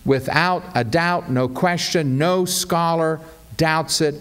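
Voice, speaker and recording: A man preaching a sermon as pastor, explaining scripture with emphatic, deliberate delivery. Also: on the high side, a bit bright, clean tone.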